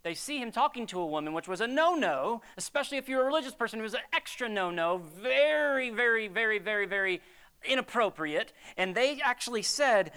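Woman preaching, bright clear voice, chatty and animated, cracks little jokes. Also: mid-range voice, a little fast. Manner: conversational, animated, jokey asides. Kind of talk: sermon.

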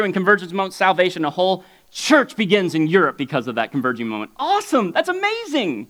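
A male pastor preaching a sermon in a casual, conversational way. He swings between loud, high exclamations and quiet, low asides, and often chuckles between points. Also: very animated, fast, hardly any pauses.

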